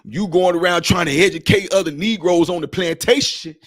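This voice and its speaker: Drawling old man, scolding, hushing, warning, as a man puts him on. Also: high-pitched, a little fast.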